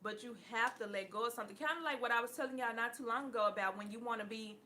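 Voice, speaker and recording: A woman giving a blunt, profane casual talk to her viewers as a tarot reader, laughing often and getting loud at times. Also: fairly high pitch, very fast, a little hiss or hum.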